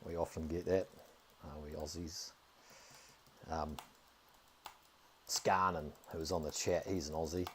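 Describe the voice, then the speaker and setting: A man with a New Zealand accent chatting casually while streaming a game, dropping the odd "bloody" and getting excited over finds. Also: very deep voice, a little slow, pauses often, slight background noise. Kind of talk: casual live-stream commentary.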